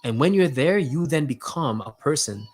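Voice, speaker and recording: A man hosting his own show, telling a casual spiritual story in a slangy, animated way and acting out both sides of a conversation. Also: on the high side, moderate pace. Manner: casual slangy talk, many "like" and "yo" fillers. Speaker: host.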